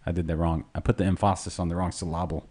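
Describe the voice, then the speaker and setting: A man co-hosting a live-stream talk show, loud and jokey, laughing often. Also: low-pitched, little pitch movement, fast. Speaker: podcast co-host. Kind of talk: casual live-stream chat.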